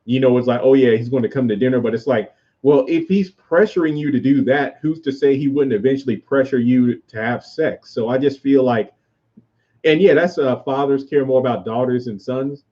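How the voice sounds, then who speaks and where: A man's voice: mid-range voice, normal speed, warm tone, lo-fi sound. A man hosting a casual livestream, rambling as he answers viewers' comments aloud. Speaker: YouTube host reviewing a TV show.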